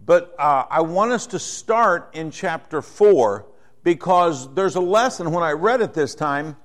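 A middle-aged man preaching a sermon in a conversational way, growing animated as he acts out the people in his story. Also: a little high, measured pace. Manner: conversational, rising to animated when voicing characters. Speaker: pastor.

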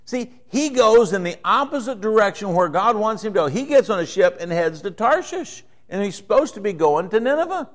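Man, middle-aged, pastor, sermon, conversational and animated, somewhat high pitch. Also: a little fast, hardly any pauses. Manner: conversational, rising to animated when voicing characters.

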